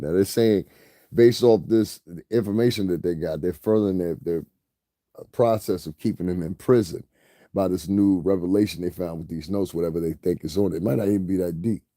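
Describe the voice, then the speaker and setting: Male vlogger, low dark voice, casual rambling commentary, dry close sound. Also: a little fast, no echo. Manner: rambling, repeats "you know what I'm saying", laughs often.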